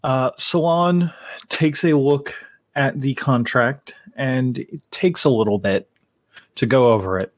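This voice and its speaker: Guy gm narrating slow, lots of uhs and restarts, dead dry mic. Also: medium pitch, no echo. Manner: halting, many fillers and restarts. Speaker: game master. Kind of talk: narrating a tabletop game.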